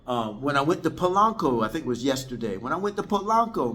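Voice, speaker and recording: A man's voice: medium pitch, very animated, a little fast, a bit bright. A man from the United States, chatting casually to camera as a vlogger, rambling and repeating himself and calling viewers guys, indoors in his apartment. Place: indoors, apartment on a third floor.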